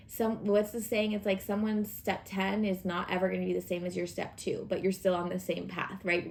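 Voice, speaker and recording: A woman's voice: medium pitch, creaky, slight background noise. A woman giving a casual weekly tarot reading, talking in an encouraging, chatty way with lots of fillers. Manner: warm encouraging, chatty with many fillers and acted asides. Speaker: tarot reader.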